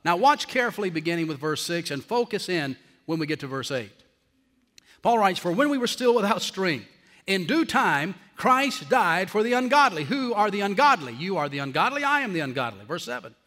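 Bright, high-voiced pastor preaching in a hall. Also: male voice, big pitch swings. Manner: emphatic, slowing down hard on key phrases. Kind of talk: sermon. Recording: long reverb of a large hall.

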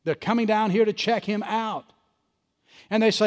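A man preaching a sermon to his congregation, animated and punchy, with sarcastic asides. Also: high-pitched, normal speed, in a large hall. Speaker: pastor.

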